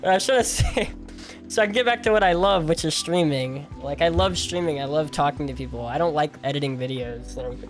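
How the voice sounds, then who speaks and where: A man's voice: a little high, a little fast, few pauses, faint music behind. Tired, rambling young male streamer. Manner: rambling, self-mocking, laughs often. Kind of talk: casual livestream chat while gaming.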